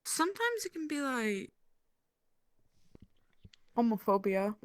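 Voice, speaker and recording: Soft-spoken woman guest, short answers. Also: on the high side, very animated, slow pace, clean tone, dry recording. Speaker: interview guest. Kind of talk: casual interview.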